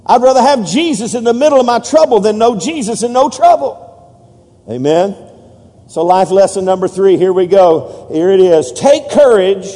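A man's voice: high-pitched, expressive, moderate pace, mellow. A man preaching a sermon, leading the congregation in call-and-response and building to emphatic peaks. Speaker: pastor. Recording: long hall reverb.

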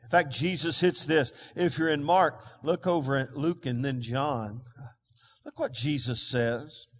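A pastor, preaching a sermon with call-and-response and shifting between loud proclamations and quiet asides. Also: male voice, fairly high pitch, a little slow. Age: 60s. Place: church sanctuary. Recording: long reverb of a large church hall.

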